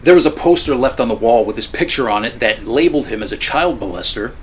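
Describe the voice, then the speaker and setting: A man's voice: mid-range voice, animated, fast talker, slight background noise. A man narrating a scripted film review in a blunt, opinionated way. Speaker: film review channel host.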